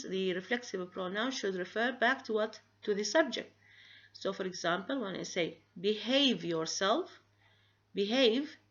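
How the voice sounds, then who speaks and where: A woman giving a recorded grammar lecture, pausing often and asking rhetorical questions. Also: medium pitch, a bit bright. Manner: halting, many fillers and restarts, rhetorical questions. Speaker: grammar teacher. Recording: dull lo-fi recording.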